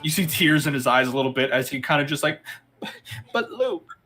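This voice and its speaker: A man's voice: medium pitch, flat delivery, fast, sharp tone, faint music behind. A man narrating a tabletop game as game master in a casual way, with frequent fillers.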